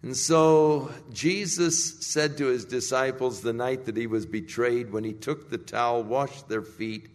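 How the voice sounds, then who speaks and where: A man preaching a sermon, telling the scripture story in a deliberate, emphatic way. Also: mid-range voice. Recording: echoey hall.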